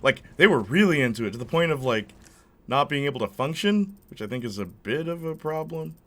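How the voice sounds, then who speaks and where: A man's voice: on the high side, lively intonation, a little fast, a bit bright. A young man hosting a gaming channel, rambling and telling stories in casual chat while he plays. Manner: rambling, chatty storyteller. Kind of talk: casual gameplay commentary.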